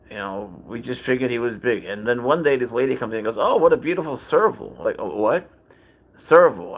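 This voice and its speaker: A man's voice: fairly low pitch, gravelly, a bit bright. A man hosting a casual livestream, telling a long rambling story in a chatty, profane way and greeting viewers. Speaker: livestream host and cat owner.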